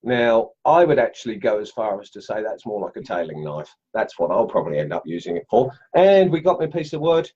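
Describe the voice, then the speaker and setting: A middle-aged Australian man hosting a casual woodcarving livestream from his home workshop, chatty and excitable, laughing as he tests knives and greets viewers. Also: fairly low pitch, a little fast, hardly any pauses, breathy edge, highs cut off. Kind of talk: casual live-stream chat, unboxing and testing knives.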